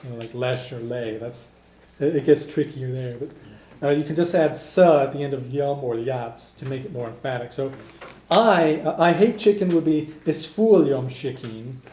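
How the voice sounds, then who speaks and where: A man teaching a beginner language class, relaxed and chuckling, with plenty of fillers. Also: mid-range voice, normal speed. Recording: echoey classroom.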